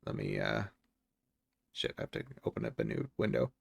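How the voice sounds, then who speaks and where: A man with a low, gravelly voice talks casually on a live stream from home, rambling between topics and swearing freely. His voice is recorded dry and close, with no room sound around it. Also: huge pitch swings, moderate pace, no room sound. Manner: rambling, profane, chuckles often. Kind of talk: casual livestream chat.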